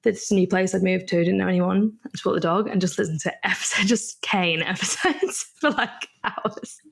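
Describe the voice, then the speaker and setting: A woman in her early thirties, a guest in a casual interview, telling stories in a chatty way with quick bursts. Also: medium pitch, vocal fry, breathy edge. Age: 30s.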